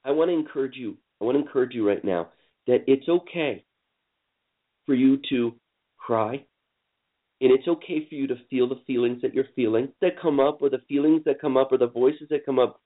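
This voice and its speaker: A man leading a guided forgiveness session on a call, speaking slowly and soothingly with lots of repetition. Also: mid-range voice. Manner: slow, soothing, repetitive coaching. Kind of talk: guided emotional healing session. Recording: tinny phone-line audio.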